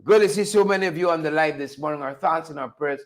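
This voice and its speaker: Talking fast in a high-side voice, this live-stream host chats with his audience in an animated, conversational style, addressing them as folks.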